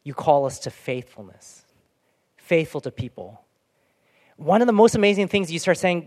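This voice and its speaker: Animated man preaching in a reverberant hall. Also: a little high, moderate pace, pauses often. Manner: animated preaching, dropping to soft near-whispers on prayerful lines. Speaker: pastor. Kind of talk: sermon. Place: church hall.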